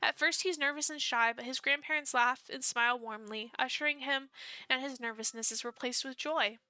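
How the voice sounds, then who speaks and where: A young woman streams a dating-sim game, reading its story aloud with feeling and breaking in with excited reactions. Her bright, smooth voice is a touch high and a little fast, recorded close and dry with no echo and faint game music underneath.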